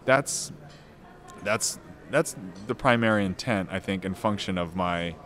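A man being interviewed about his novel, answering thoughtfully with lots of pauses, restarts and fillers. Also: low-pitched, a bit bright, slight background noise. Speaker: novelist guest.

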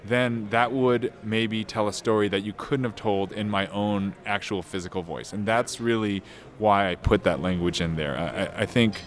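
A man being interviewed about his novel, answering thoughtfully with lots of pauses, restarts and fillers. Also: fairly low pitch. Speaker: novelist guest.

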